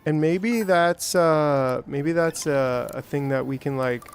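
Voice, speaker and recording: Male streamer, slightly high voice, chatty self-talk with excited spikes. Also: slow, soft background music. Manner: rambling, self-talking, jokey with bursts of excitement. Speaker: gameplay streamer. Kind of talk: casual let's-play commentary.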